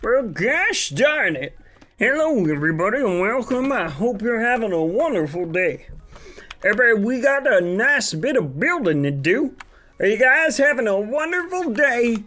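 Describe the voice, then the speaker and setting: A man putting on a folksy, overly cheerful host character with drawn-out, sing-song greetings. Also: very high voice, very animated, pushed and bright, pitched above the performer's own voice, exaggerated voice. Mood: chipper.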